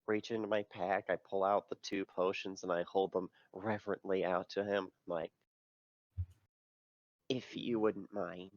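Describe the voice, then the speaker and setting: A man's voice: sits low, flat delivery, moderate pace, few pauses, no room sound, highs cut off. A man playing in a tabletop game, casually describing what his character does. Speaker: player. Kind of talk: tabletop role-play.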